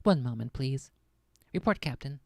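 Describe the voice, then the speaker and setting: A woman reading aloud and voicing a calm, authoritative woman scientist in a measured, commanding way. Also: a bass voice, gravelly, no echo, exaggerated voice. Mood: firm.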